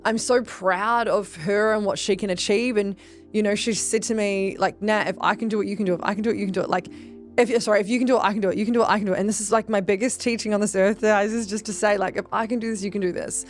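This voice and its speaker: A woman's voice: mid-range voice, fairly even intonation, quick pace, soft background music. A woman, a business coach and podcast host, talking in an earnest, emphatic way with casual swearing and lots of fillers. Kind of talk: casual motivational talk.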